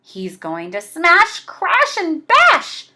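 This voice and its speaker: A woman voicing a gang of loud, bratty little monsters, squealing and shouting in a storybook reading. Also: very high voice, big pitch swings, extremely slow, voice pushed up, exaggerated voice. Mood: cheering.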